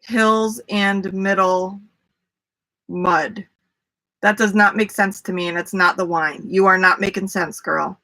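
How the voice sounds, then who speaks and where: A woman's voice: on the low side, fairly even intonation, moderate pace, bright, forceful tone. A woman hosting a casual livestream, chatty, talking to viewers by name and laughing easily. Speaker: livestream host. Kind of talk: casual live chat with viewers.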